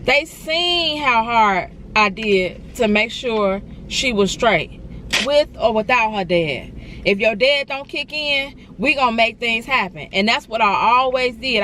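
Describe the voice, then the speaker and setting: A woman's voice: a little high, fairly bright tone, a little hiss or hum. Earnest, encouraging woman vlogger. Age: adult. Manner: earnest, encouraging, repeats phrases. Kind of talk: emotional storytime vlog.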